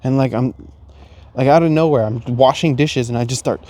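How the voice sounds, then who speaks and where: A young man casually telling a heartbreak story, cursing a lot and acting out his own inner dialogue, joking even while sad. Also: mid-range voice, slight background noise. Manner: laughs and jokes while sad. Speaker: vlogger.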